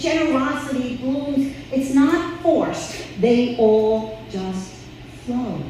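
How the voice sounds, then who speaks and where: A woman minister giving an inspirational sermon, earnest and unhurried, leading the congregation in call-and-response. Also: on the high side, mellow, slight background noise. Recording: echoey hall, mic at a distance.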